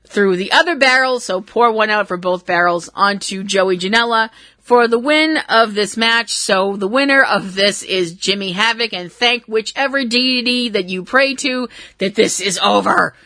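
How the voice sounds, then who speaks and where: Bright-voiced giggly woman host. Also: mid-range voice, dry recording. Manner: giggly, irreverent, swears casually. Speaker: wrestling podcast host. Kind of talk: casual recap commentary.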